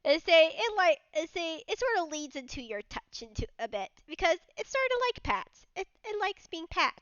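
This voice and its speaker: A woman's voice: extremely high pitch, very animated, normal speed, a bit bright, no echo. A woman running a tabletop game as game master, narrating in a rambling way full of restarts. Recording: dull lo-fi sound, dry.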